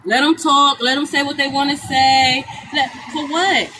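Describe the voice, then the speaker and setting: A woman's voice: high-pitched, fairly even intonation, normal speed. Blunt, profane woman reading tarot. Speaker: tarot reader. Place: outdoors on a street. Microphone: phone livestream. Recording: outdoor street noise.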